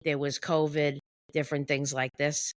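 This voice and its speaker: A woman, an executive behavior coach, talking about her work in a podcast interview, halting often with pauses and fillers. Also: low-pitched, level tone, no echo.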